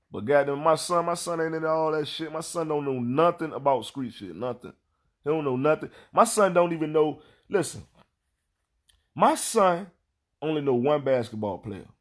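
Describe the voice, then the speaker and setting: A man in his thirties speaking tells a casual, profane story about his children. He circles back over his own words and acts out the other people in the story. His voice sits a bit high for a man. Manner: animated, profane, repeats himself, acts out quotes. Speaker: father telling stories.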